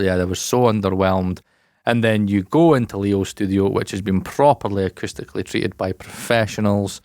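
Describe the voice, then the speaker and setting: Rambling man with a low voice. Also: smooth, dry recording, clean studio sound. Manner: loose, rambling, swears and laughs a lot. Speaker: podcast co-host. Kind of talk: casual podcast chat.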